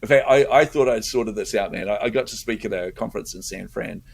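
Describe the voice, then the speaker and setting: Gravelly middle-aged man telling a story. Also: lowish voice, fast, a little hiss or hum. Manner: animated, acts out his own inner voice. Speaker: podcast host telling a story as a guest. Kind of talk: casual storytelling in an interview.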